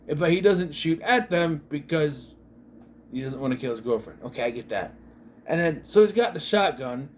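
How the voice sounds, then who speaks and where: A man in a casual movie-review rant, his voice pitched a little high and leaping up and down as he gets worked up. He swears freely and acts out the characters' lines in mock voices. A faint noise sits under the recording. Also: lively intonation, moderate pace.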